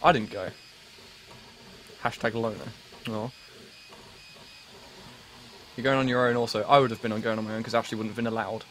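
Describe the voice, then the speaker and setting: A man's voice: fairly low pitch, level tone, moderate pace, pauses often, fairly bright tone, a little hiss or hum, low-quality recording. A young man in his late teens with an English accent, chatting casually with viewers on a live stream in a rambling, self-mocking way with many restarts. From England. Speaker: livestream host.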